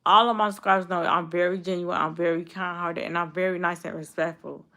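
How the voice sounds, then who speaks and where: A woman's voice: fairly low pitch, fairly even intonation, brisk, a bit bright. Blunt twenty-year-old woman streamer. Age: 20s. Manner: blunt, repetitive, talks straight back to commenters. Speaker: YouTube streamer. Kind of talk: casual live-stream chat with viewers.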